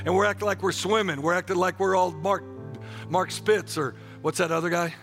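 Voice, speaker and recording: A man's voice: sits high, fairly even intonation, a little fast, fairly bright tone, faint music behind. A man preaching a passionate sermon, leading the congregation in call-and-response declarations and breaking into joking asides. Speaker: pastor.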